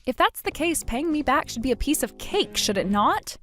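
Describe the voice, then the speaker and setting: A woman telling her own story in the first person, cold and cutting toward others, calm when narrating. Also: sits high, normal speed.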